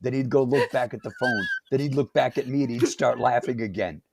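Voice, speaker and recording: A man co-hosting a comedy podcast, pressing his argument and telling anecdotes with dry, wry comebacks. His voice sits in a middle pitch, with faint background noise and clicks under it. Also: fairly even intonation, fairly quick, creaky. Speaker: podcast co-host. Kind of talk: casual comedy podcast banter.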